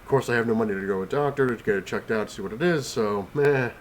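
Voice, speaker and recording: The speaker is a male comic collector vlogging from his home couch while sick and short of breath. He rambles casually, filling the talk with fillers and restarts. His mid-range voice moves at a quick pace, and there's slight background noise.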